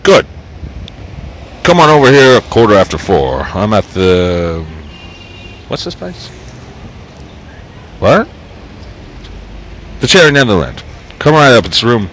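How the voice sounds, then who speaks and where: Guy doing an old new york fella, busy, brisk, kinda impatient, raised voice. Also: fairly low pitch, big pitch swings, a bit bright, slight background noise, exaggerated voice. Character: busy old-fashioned older New York man on the phone.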